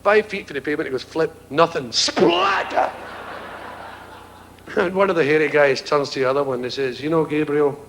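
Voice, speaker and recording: A Glaswegian Scottish man performing live stand-up comedy, telling stories with animated voices and songs. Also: a little high, fast talker, few pauses, background noise. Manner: animated storytelling with song. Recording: live concert with music and crowd.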